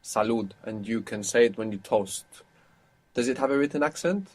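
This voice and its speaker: Male language tutor for a recorded course, mid-pitched, patient, step-by-step explainer. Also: normal speed, a little mellow. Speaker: language teacher. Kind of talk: audio course instruction.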